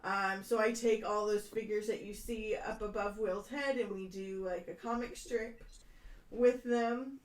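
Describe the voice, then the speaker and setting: A woman's voice: medium pitch, fairly even intonation, a little slow. A woman co-hosting a podcast, chatty and full of fillers, often laughing. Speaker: podcast co-host. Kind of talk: casual podcast chat. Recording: roomy, distant mic.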